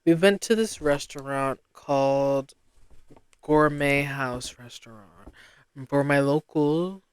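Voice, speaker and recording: Slow-talking young woman podcaster, smooth voice. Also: low-pitched. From Rhode Island, US. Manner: rambling and self-deprecating, with sudden excited outbursts. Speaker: podcast host. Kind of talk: casual solo podcast chat.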